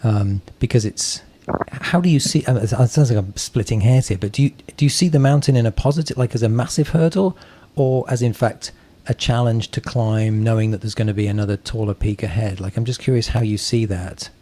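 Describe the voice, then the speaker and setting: A man's voice: on the low side, fairly quick, dark tone. A man hosting a podcast, asking thoughtful, carefully hedged questions. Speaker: podcast host. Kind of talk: curious interviewing.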